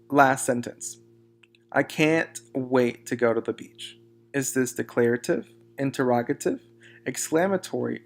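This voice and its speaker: A man teaching a recorded grammar lesson, speaking slowly and clearly and reading example sentences aloud. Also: medium pitch.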